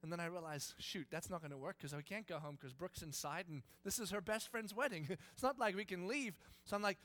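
A man in his thirties preaching, telling a family story with lively acted-out voices and frequent laughs. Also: on the high side, brisk. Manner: animated, acts out voices, laughs often. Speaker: pastor. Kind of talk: sermon storytelling.

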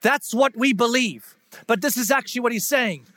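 A pastor giving a conversational, animated sermon, acting out what people say. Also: male voice, very high voice, moderate pace. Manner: conversational, animated, acts out quotes in voices.

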